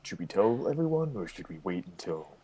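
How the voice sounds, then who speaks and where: A man playing in a tabletop game, speaking hesitantly and often trailing off in a hushed tone. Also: low voice, big pitch swings, brisk, crowd noise, poor audio. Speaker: player. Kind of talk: in-character tabletop roleplay.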